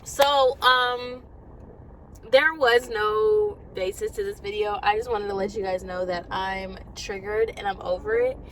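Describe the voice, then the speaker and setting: A young woman vlogger in a parked car, ranting to her viewers in a casual, exasperated way. She talks rapidly and with lots of animation. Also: medium pitch, a bit bright, a little hiss or hum, poor audio. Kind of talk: casual rant to camera.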